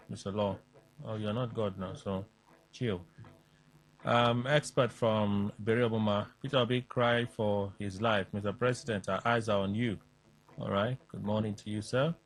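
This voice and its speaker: A man, hosting a radio call-in show and reading listener messages aloud with quick asides. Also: lowish voice, steady tone, poor audio.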